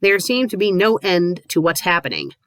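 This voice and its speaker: A woman reading a fan story aloud with mocking, deadpan asides. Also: fairly low pitch, moderate pace, no echo. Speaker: fanfiction reviewer. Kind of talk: sarcastic dramatic reading with commentary.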